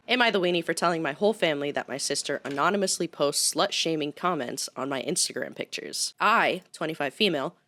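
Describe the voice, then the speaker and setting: A woman's voice: low voice, fairly bright tone. A young woman co-hosting a podcast, chatting casually and reading posts aloud with giggly asides. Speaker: podcast co-host.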